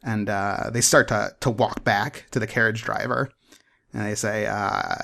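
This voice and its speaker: A man narrating as game master of a tabletop role-playing game, halting with many fillers and restarts. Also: fairly low pitch, fairly even intonation, gravelly, pushed and bright.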